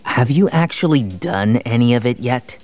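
A sarcastic, easygoing teenage boy, played by a man, talks in a dry, deadpan way while his pitch swings widely. Clear music plays under the audio drama. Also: moderate pace, close to an everyday voice. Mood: wry.

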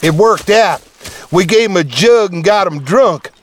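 A man's voice: high voice, lively intonation, measured pace, pitched above the performer's own voice. A man voicing a drunk, jittery frontier man with a drawl, slurring and nervous, in an audiobook. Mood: drunk, agitated. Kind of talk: audiobook character voice.

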